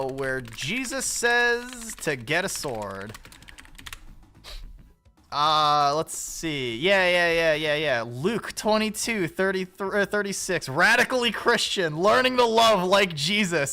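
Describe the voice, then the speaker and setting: A man hosting a livestream in a casual, rambling chat, swearing freely and breaking into loud laughs. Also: a little high, expressive, measured pace. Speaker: livestream host.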